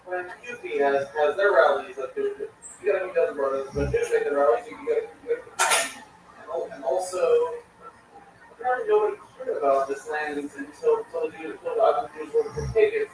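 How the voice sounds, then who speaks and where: A man's voice: a little high, huge pitch swings, brisk, faint music behind. A man rambling with frequent restarts as a guest in a casual discussion. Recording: very echoey room from far off.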